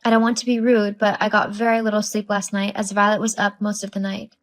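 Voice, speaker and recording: A woman's voice: mid-range voice, flat delivery, quick pace, faint music behind, lightly acted. A woman voicing a tired young new mother who answers with dry sarcasm in a scripted story.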